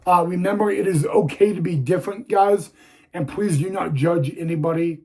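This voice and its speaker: A young man telling a personal story on his vlog, halting and repeating words, audibly emotional and close to tears. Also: sits high, a little mellow, breathy edge. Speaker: YouTuber.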